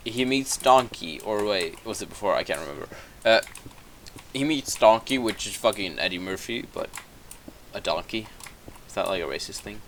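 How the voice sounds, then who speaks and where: A young man with a lowish voice rambles through a comedic plot recap, cursing freely and doubling back to fix his own mistakes. Faint keyboard clicks and typing tick along behind him. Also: a bit bright, a little hiss or hum. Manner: profane, rambling, self-correcting. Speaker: gaming commentator. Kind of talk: rambling comedic plot retelling while gaming.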